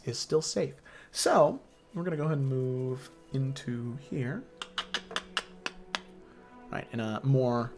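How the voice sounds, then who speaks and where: A man narrates a tabletop game as game master, painting scenes unhurriedly and pausing on frequent fillers. His voice sits at a middle pitch. Faint music plays underneath. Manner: descriptive, unhurried, many fillers.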